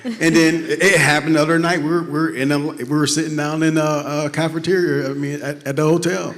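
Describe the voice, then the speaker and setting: A man on stage answers frankly and with good humor, chuckling as he goes. His voice is a bit high for a man. Long hall reverb follows him. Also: steady tone, fairly quick, a bit bright. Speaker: guest speaker, husband. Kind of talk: candid panel answer.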